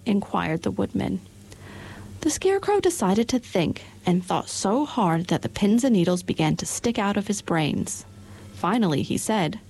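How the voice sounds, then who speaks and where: A woman narrating a children's storybook in a clear, even storytelling manner. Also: on the low side, normal speed. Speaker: audiobook narrator. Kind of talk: storybook reading.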